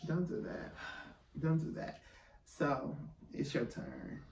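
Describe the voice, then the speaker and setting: A man's voice: fairly high pitch, takes it slowly, a little mellow. A man co-hosting a casual chat show, speaking in a heartfelt, emotional way. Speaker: podcast co-host. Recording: echoey room, mic at a distance, faint ambient noise.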